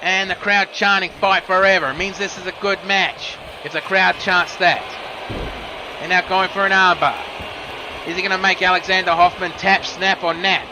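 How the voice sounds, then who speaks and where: A man giving quick move-by-move wrestling commentary, with casual asides. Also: high voice, level tone, noisy background. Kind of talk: play-by-play commentary.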